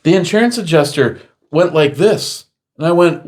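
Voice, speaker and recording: A middle-aged man hosting a casual chat show, rambling through stories and loudly acting out what people said. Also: on the high side, animated, normal speed. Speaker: podcast host.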